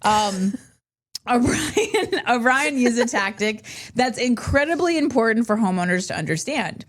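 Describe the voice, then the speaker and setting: A woman co-hosting a podcast in casual chat, laughing often and swinging her pitch up high when animated. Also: a little slow. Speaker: podcast co-host.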